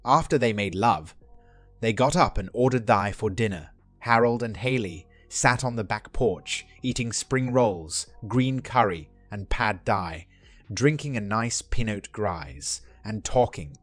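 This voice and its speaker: A man narrating a written story in an even, steady reading voice. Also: on the low side, unhurried, no echo. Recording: dry voice-over with faint music.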